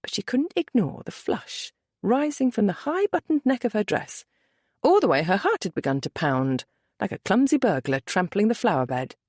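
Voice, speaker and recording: A woman narrating a romance novel audiobook with an expressive storytelling lilt. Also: medium pitch, normal speed, breathy edge, dry recording, studio quality.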